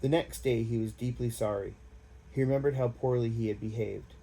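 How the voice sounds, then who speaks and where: A man's voice: medium pitch, fairly even intonation, a little fast, creaky, mellow, poor audio. A man giving an amateur reading of a war memoir in a plain, unpolished way. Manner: plain, unpolished, casual asides. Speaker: audiobook reader.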